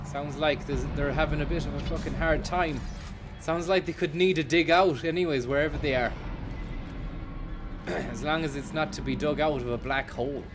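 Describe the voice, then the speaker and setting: A man's voice: on the high side, steady tone, normal speed. A man giving casual, rambling let's-play commentary, joking and swearing as he plays. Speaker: gameplay streamer. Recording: game music playing behind.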